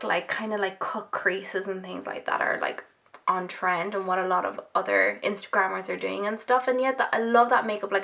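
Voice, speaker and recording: A young woman talks through a relaxed Q&A vlog while applying her own makeup at home. She rambles from one thought to the next, full of fillers and self-deprecating asides, with a gravelly fry under her mid-pitched voice. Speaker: makeup YouTuber. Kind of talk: casual chatty Q&A vlog.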